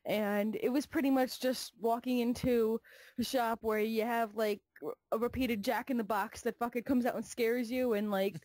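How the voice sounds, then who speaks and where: A young woman co-hosting a casual gaming talk show, animated, swearing freely, laughing often and packing her talk with fillers. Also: on the high side, normal speed, dry recording. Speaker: co-host.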